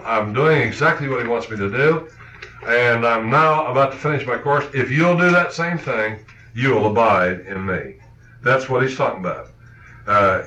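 A man preaching a sermon, talking earnestly with halting restarts and acting out quoted thoughts. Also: mid-range voice, sharp tone. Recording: echoey, muffled old sermon recording.

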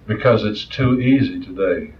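A man preaching a sermon with passion, his voice swinging between loud rises and soft, quiet asides. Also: lowish voice, normal speed. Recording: distant, roomy, muffled old recording.

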